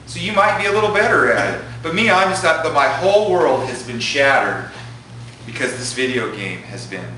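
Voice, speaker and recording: A man teaching a jiu-jitsu class in a lively, profane way, acting out his students' thoughts. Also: medium pitch, fairly quick, a little hiss or hum. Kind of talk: animated talk to a class. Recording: echoey room from a distance.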